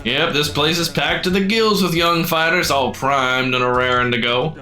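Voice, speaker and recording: A man's voice: a little high, very slow, fairly bright tone. A man voicing a boisterous, folksy old male fighting-club boss in a game, with a drawling country twang.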